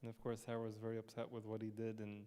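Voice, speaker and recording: A man's voice: on the low side, monotone, quick pace, warm tone, smooth. Man preaching in a reverberant church. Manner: stammering restarts, chuckles while telling stories. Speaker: priest. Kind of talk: conversational sermon with personal stories. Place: church hall. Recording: long church-hall reverb.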